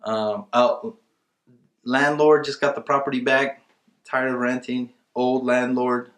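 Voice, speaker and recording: A man's voice: mid-range voice, level tone, slow pace, roomy sound. A man teaching a casual webinar, talking emphatically and acting out bits of his calls with sellers. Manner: conversational, emphatic, acts out seller dialogue. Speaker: real estate investing instructor.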